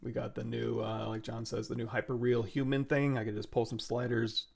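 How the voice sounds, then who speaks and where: Male livestream tutor, gravelly, casual step-by-step talk at a desk mic, keyboard clicks behind. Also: medium pitch, a little fast. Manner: relaxed, talks through steps while working, self-corrects. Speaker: 3D sculpting livestream host. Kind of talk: casual software tutorial narration.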